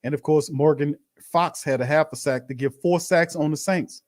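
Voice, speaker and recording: A man's voice: fairly high pitch, normal speed, darkish tone. A man hosting a live-stream watch party, commenting bluntly on a loss and calling his viewers fam. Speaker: sports show host.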